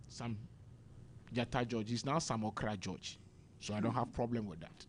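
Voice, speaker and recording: A man's voice: medium pitch, sing-song, takes it slowly, long pauses, darkish tone, a little hiss or hum. A man from Ghana giving impassioned political commentary on a radio show, preachy and rhetorical, quoting scripture as he grows heated. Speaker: political party member on a radio panel. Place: radio studio.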